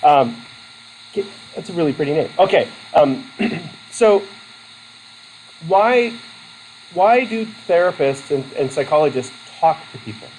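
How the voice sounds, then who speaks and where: Calling on students by name, a Vermont college instructor lectures in a chatty, self-deprecating way full of fillers and restarts. His darkish voice swings widely in pitch with lively intonation, moving a little slowly with long pauses. The rough recording has a faint hiss beneath it.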